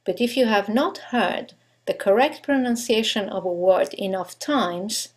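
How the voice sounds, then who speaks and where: The mid-range voice here is animated with a darkish tone, belonging to a woman teaching a scripted English pronunciation lesson. As an English teacher, she is slow and deliberate, stressing each example word with care.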